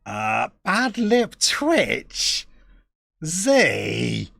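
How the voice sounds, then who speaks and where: A man's voice: mid-range voice, big pitch swings, takes it slowly, vocal fry, fairly bright tone, dry recording, clean studio sound. A man chatting casually on a live game stream, reading viewer messages in a chatty, self-deprecating way. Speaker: Football Manager streamer.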